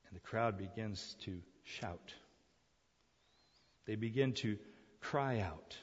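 A man preaching a sermon, telling the story in an animated way, acting out the crowd's voices and laughing often. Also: lowish voice, slow, pauses often, husky, long reverb tail, dull audio.

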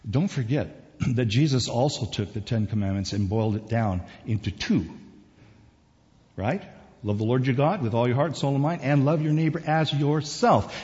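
A man's voice: medium pitch, normal speed, a little mellow. A male pastor giving a conversational sermon that swells to emphatic peaks, recorded in a church sanctuary. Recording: dull distant sound in a reverberant hall.

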